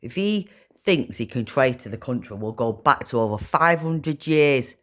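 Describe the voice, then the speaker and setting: A woman delivering an angry, profane rant, swearing and shouting in bursts. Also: extremely low pitch, expressive, unhurried. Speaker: political commentator. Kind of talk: angry ranting monologue.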